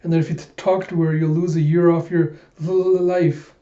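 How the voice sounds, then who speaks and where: A man's voice: a little high, little pitch movement, fairly quick, warm tone, reverberant, lo-fi sound, pitched above the performer's own voice, lightly acted. A man doing a jittery stammering man. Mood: nervous. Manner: stutters on word starts. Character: nervous stammering man warning others.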